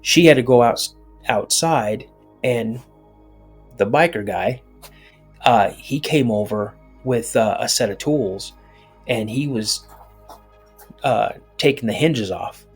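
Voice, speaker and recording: Middle-aged man, husky voice, animated story, many restarts, faint music. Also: mid-range voice, slow, pauses often. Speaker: podcast guest. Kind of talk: telling a personal story.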